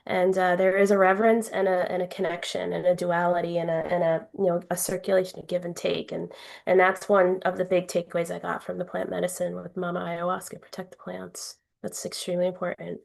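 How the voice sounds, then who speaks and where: A woman sharing a heartfelt personal story in a group video call, animated and emotional, sometimes dropping her voice low. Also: vocal fry. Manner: emotional, animated storytelling with sudden drops to a whisper. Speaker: circle participant.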